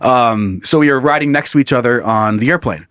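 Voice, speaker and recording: A man's voice: medium pitch, fairly quick, fairly bright tone, clear, resonant tone, no echo, studio quality. A man co-hosting a comedy podcast in casual chat, joking and laughing a lot. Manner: jokey, laughs often, breaks into silly put-on voices. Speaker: podcast co-host.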